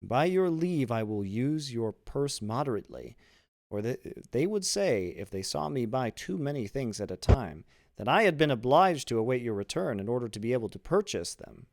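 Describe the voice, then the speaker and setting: A man voicing a frail, modest elderly father who speaks mildly and softly. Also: medium pitch, very animated, normal speed, vocal fry, dry recording, clean studio sound. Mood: gentle.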